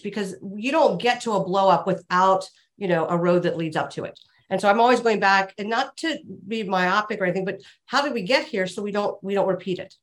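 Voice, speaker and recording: A woman's voice: medium pitch, a little fast. A middle-aged woman, a leadership coach, giving advice in a reflective and emphatic way.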